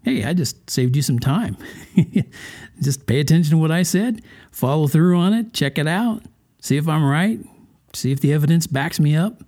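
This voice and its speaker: A man's voice: on the high side, animated, normal speed, dark tone. A man hosting a religious podcast, talking to the listener in a folksy, conversational way and often asking questions. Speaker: podcast host. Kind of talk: casual religious podcast monologue.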